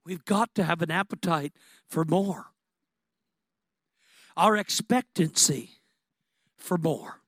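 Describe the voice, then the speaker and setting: A man delivers a sermon in a high, carrying voice. He preaches with passion, swinging from excited, rising peaks to hushed reflection. The sound is dry and close, with no room around it. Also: slow, pauses often, no echo. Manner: impassioned, building to excited peaks.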